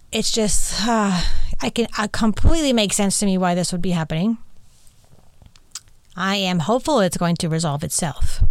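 A woman's voice: mid-range voice, clear, resonant tone, dry recording. A woman hosting her own podcast, talking candidly and earnestly in a rambling way, full of fillers and restarts. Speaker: podcast host and medium. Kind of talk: candid personal monologue.

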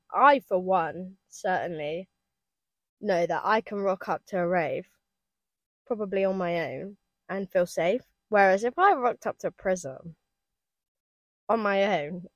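A woman, a guest chatting casually on a podcast, bubbly and quick to laugh, swearing casually. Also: medium pitch, fairly bright tone, no room sound. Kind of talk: casual chat. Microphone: podcast mic.

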